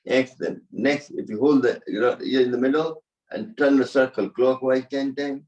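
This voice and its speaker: A man's voice: mid-range voice, steady tone, moderate pace, a little mellow, far from the mic, dull audio. A man leading a yoga class, giving short spoken cues in loose, non-native English phrasing. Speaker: yoga instructor. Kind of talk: guiding a laughter yoga class.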